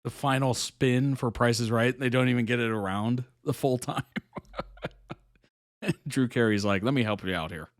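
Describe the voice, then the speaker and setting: A man hosting a reaction video, throwing in quick, chuckling asides over the clip. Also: medium pitch.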